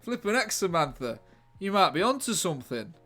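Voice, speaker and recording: A middle-aged police chief, hammed up by a man who exclaims in a raised, pushed-up voice. He is loud and blustery. Faint music runs underneath. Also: sits high, very animated, a little fast, voice pushed up, heavily acted. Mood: excited.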